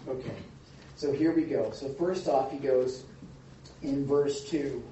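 A man leading an informal Bible study, teaching in a rambling, halting way with many restarts and fillers. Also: mid-range voice, dark tone, a little hiss or hum. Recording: distant, echoey, lo-fi room recording.

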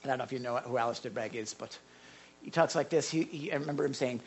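A male pastor preaching a sermon in an animated way, repeating words and adding asides. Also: mid-range voice, fast talker, husky.

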